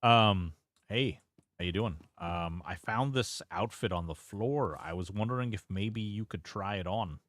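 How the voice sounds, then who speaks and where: A man talks casually through his live gameplay, rambling and reacting on the fly and swearing freely. His voice sits on the low side, and the sound is dry and close, right up on a desk mic. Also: unhurried, fairly bright tone, dry recording. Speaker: streamer.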